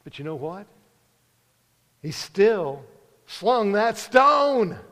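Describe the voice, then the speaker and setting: A man preaching a sermon, earnest, pausing and lifting his voice for emphasis. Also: high voice, sing-song, fairly bright tone, long reverb tail.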